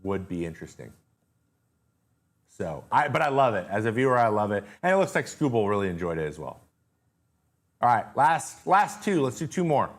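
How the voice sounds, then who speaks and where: A man's voice: on the low side, very animated, moderate pace, long pauses. A male host answering viewer questions in a loose, jokey, rambling way, sounding tired with his voice wearing out. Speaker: show host. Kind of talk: casual live-stream Q&A.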